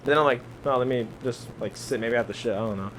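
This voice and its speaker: A man's voice: mid-range voice, fast talker, a bit bright, a little hiss or hum, rough recording. A young man, a podcast guest, telling a casual story full of slang, laughing often and acting out the people he quotes.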